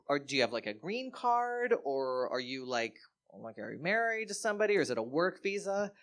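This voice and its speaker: A man's voice: fairly high pitch, big pitch swings, brisk, fairly bright tone. Prying, chatty woman lawyer at a party, as a comedian puts her on.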